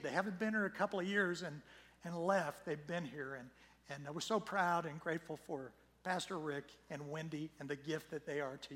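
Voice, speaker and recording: A middle-aged male pastor with a slightly hoarse voice, preaching a sermon in a conversational, storytelling way and swelling louder when he reads scripture. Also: on the high side. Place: church sanctuary. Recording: long church hall reverb.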